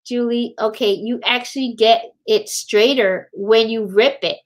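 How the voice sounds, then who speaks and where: A woman with a high voice talks casually on a live stream. She rambles and repeats phrases, greets viewers, and laughs often. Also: a little slow, rough recording. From Puerto Rican. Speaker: livestream host.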